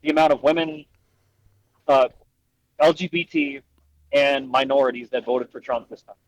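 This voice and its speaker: A man's voice: mid-range voice, fairly even intonation, normal speed, slight background noise, poor audio. A young man in casual podcast chat, earnest and hedging, often restarting his sentences. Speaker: podcast co-host.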